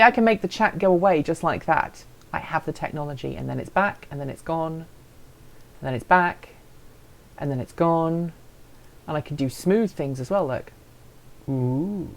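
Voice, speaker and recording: Woman, low-ish voice, playful self-deprecating live stream host reading chat. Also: animated, moderate pace.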